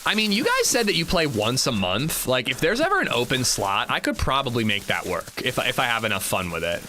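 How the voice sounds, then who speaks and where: A man's voice: mid-range voice, wildly swooping pitch, fairly quick, sharp tone, slight background noise. A man streaming a survival game, chatting casually and joking with his viewers. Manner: joking, chatty, talks to chat. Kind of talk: casual livestream commentary.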